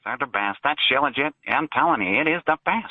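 A man's voice: mid-range voice, lively intonation, fairly quick, slightly rough, no room sound. Caller man in a put-on cartoonish voice over a phone line. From Philadelphia, USA. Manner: exaggerated put-on comic voice, drawling and taunting. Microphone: phone call.

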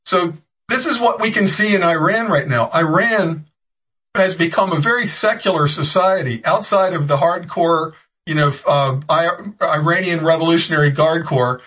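Husky man in heated political commentary. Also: fairly high pitch, moderate pace, a bit bright, rough recording. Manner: rambling, frequent restarts, sarcastic jabs.

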